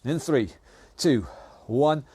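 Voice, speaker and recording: A man's voice: medium pitch, lively intonation, takes it slowly, mellow, husky, dry recording. A man leading an online workout class as fitness instructor, counting down and calling out moves while exercising along. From United Kingdom. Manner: counts down and cues exercises while working out himself.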